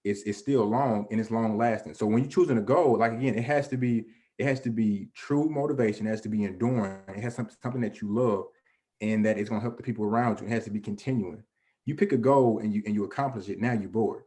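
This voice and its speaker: An earnest man delivers a motivational presentation in a fairly low voice. He talks conversationally, restarting sentences and leaning on "you know", and often poses questions that he answers himself. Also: fast talker, mellow. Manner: asks and answers his own questions. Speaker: guest presenter.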